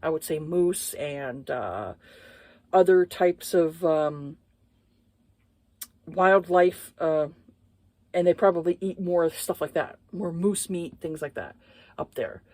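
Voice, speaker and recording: A woman's voice: on the low side, slow pace, pauses often, warm tone, no room sound. A woman giving a casual book review, blunt and profane, exasperated, with lots of hesitant fillers.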